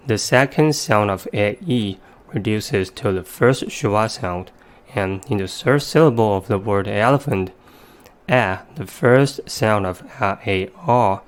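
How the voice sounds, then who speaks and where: Careful and methodical, a male English vocabulary teacher reads scripted instructions, slowing down to demonstrate example words. He speaks with a low, smooth voice.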